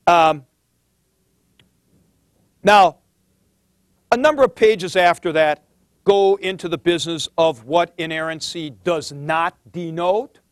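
A man's voice: high voice, no room sound, studio quality. A middle-aged man teaching a theology class in a conversational lecture, thinking aloud and stressing key points.

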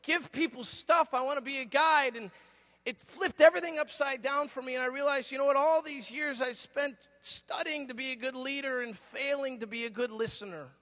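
A middle-aged man preaching a sermon as a pastor, an animated storyteller who acts out dialogue. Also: extremely high pitch, normal speed. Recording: long reverb of a large hall.

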